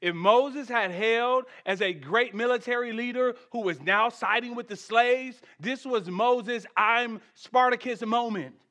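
Male pastor, high bright tenor, animated sermon, shouts and quiet jokes to the congregation. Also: unhurried, hardly any pauses. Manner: animated preaching, swings from shouted peaks to soft asides; humorous, conversational asides to the congregation.

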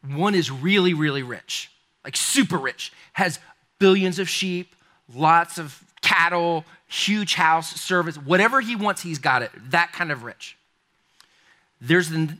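A man preaching a sermon, telling a story in an animated, conversational way that speaks straight to his listeners. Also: a little high. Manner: animated, conversational, addresses the congregation directly. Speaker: pastor.

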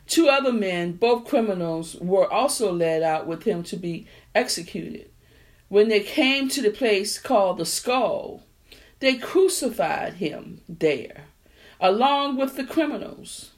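A woman preaching a sermon. She reads scripture quietly, then preaches in a casual way, repeating her refrain with rising fervor. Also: mid-range voice. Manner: builds from quiet reading to fervent, repetitive preaching; colloquial, drops verbs in speech.

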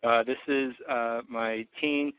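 A man's voice: mid-range voice, steady tone, slow pace, smooth, dry recording. A man who is an orthodontist, giving a methodical clinical lecture on treatment cases, with frequent fillers. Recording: dry tinny phone-like sound.

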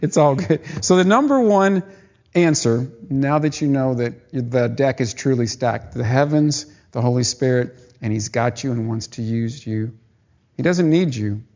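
A man's voice: medium pitch, a little slow, a little mellow, muffled recording. A man preaching a testimony in a rambling, emphatic storytelling way, restarting his sentences often. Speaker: lay preacher giving a testimony. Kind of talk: sermon testimony.

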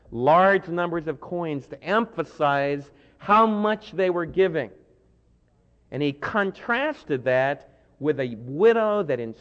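A man's voice: on the high side, long reverb tail, dull audio. A man preaching a sermon as pastor, telling the story vividly and acting out the voices he quotes.

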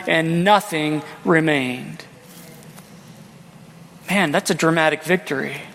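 High-voiced preacher in a reverberant hall. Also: male voice. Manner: dramatic storytelling, acting out quotes, rhetorical questions. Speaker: pastor. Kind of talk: sermon.

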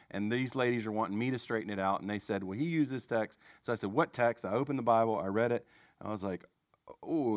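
A man preaching a sermon, telling a story in a conversational, animated way with self-deprecating asides. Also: mid-range voice, dry recording, studio quality.

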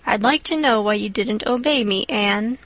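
A woman's voice: mid-range voice, moderate pace, a bit bright, dry recording. A woman voicing a stern older spinster who speaks in a brusque, scolding way.

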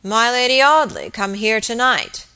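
A surly, half-drunk landlord growls through a thick, muffled voice, dragging his words in coarse country speech, as a woman reads him aloud. The delivery is slow and heavy, with a tense, bright edge. It has the feel of an audiobook. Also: mid-range voice. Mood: drunken sneer. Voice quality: thick, slurred, muffled with drink. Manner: growling, sneering, rough dialect. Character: drunken brutish male innkeeper, surly.

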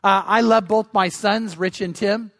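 A man's voice: sits high, fairly even intonation, measured pace, vocal fry, fairly bright tone, dry recording, studio quality. An older man preaching a sermon as pastor, earnest and emphatic, often repeating words as he restarts.

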